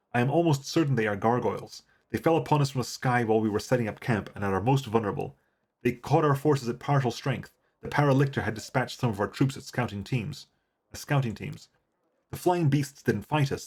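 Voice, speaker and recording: A man voicing a grim male knight messenger who speaks in a slow, measured, grave way. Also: medium pitch, slightly rough, natural voice.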